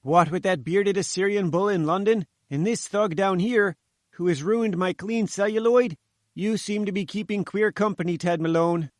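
Pushy little newsman , put on by a man, high and sputtering, indignant and cheeky; dry close sound. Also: moderate pace, no room sound, close to an everyday voice. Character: fat little pushy male journalist.

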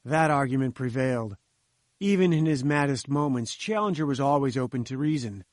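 A man reading a novel aloud as an audiobook, in a measured storytelling way. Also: mid-range voice, animated, dry recording, clean studio sound. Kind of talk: audiobook narration.

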